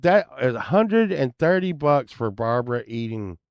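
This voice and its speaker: A man's voice: mid-range voice, very animated, unhurried, smooth, no room sound, clean studio sound. A man rambling casually as he browses items online, grumbling and swearing now and then. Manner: meandering, grumbling asides, occasional swearing. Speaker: vlogger.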